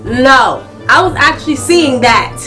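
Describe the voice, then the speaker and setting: A young adult woman telling a casual story-time vlog, animated and laughing a lot as she talks. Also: high voice, a little slow, faint music behind. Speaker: vlogger.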